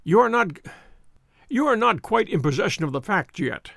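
A cool, sharp-minded detective lays out his reasoning in a quiet, dry and exact way in an audiobook, as a man reads him. The voice sits high and moves with lively inflection, with a gravelly grain. The recording is close and dry. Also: normal speed, no room sound, heavily acted. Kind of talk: audiobook character voice.

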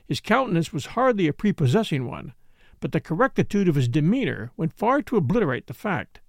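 A male audiobook narrator with a gravelly, fry-tinged voice, reading with expressive storytelling. His pitch sits a little high and moves a great deal, in a dry, close recording. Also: fairly quick, no echo. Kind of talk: scripted narration.

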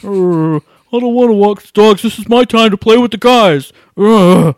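A man voicing a sheepish, sluggish gamer dad in a comic podcast role-play, speaking in a halting drawl. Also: high voice, no room sound. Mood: grumbling.

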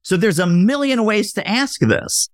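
A man appearing as a guest on a podcast, explaining sales with animated energy and acting out sample dialogue. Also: high voice, measured pace, no room sound, clean studio sound. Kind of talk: podcast interview.

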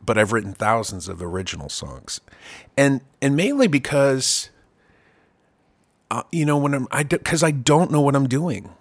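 A man's voice: medium pitch, very animated, moderate pace, dry recording. A man hosting a casual chat and talking as a songwriter, rambling and self-deprecating with many restarts. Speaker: podcast host and songwriter.

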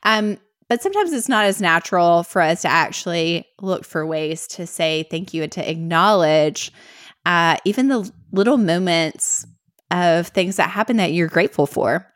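A woman from Middle Tennessee with a Southern accent, co-hosting a podcast in casual, chatty conversation. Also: normal speed. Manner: chatty, laughs easily, lively swoops in pitch. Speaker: podcast co-host. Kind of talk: casual chat.

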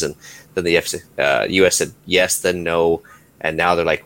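A man's voice: low voice, fairly even intonation, moderate pace, fairly bright tone. A Canadian man co-hosting a podcast, chatting casually and joking as he rambles through the news. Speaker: podcast co-host. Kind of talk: casual chat.

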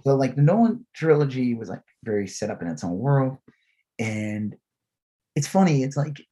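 Young American male podcast co-host, casual and animated, lively pitch. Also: moderate pace. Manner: animated, jokey, breaks into high silly voices. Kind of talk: casual chat.

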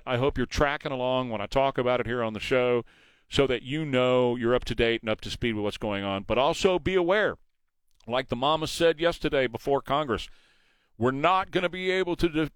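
Hosting a morning news talk show on the radio, a man speaks emphatically into a studio mic and fires off rhetorical questions. His voice is smooth and medium-pitched, with no room sound.

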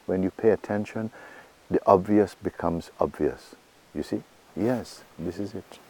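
A man giving a spiritual talk to a gathering, asking questions and answering them himself and softly repeating phrases. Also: low voice, unhurried, slight background noise. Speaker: spiritual teacher.

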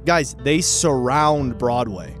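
A man's voice: medium pitch, lively intonation, slow pace, faint music behind. A man co-hosting a podcast, teasing his co-host and jumping between topics in casual sports banter.

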